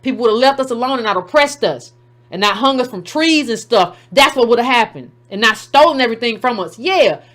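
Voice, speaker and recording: A woman's voice: a little high, animated, brisk, a bit bright. A woman hosting a call-in show who gives heated, sarcastic commentary. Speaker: host.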